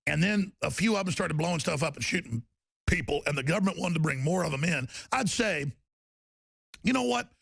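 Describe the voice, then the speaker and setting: Gravelly, fired-up ranting male talk host. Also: a little high, expressive, fairly quick, fairly bright tone, no room sound. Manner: angry, ranting, repetitive. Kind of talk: political talk show rant.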